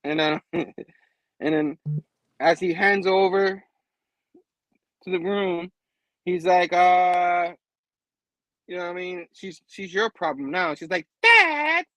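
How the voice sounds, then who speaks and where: High-voiced man recapping with quick laughs. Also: steady tone, dry recording, low-quality recording. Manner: laughs often, acts out characters in quick voices. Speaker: comic book reviewer. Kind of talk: casual animated recap.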